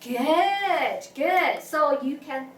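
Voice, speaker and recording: Heard from far off in an echoey, noisy classroom, a female Chinese teacher whose first language is Mandarin runs a call-and-response lesson. She speaks high and slowly, restarts phrases frequently, and sings tones for the class to echo.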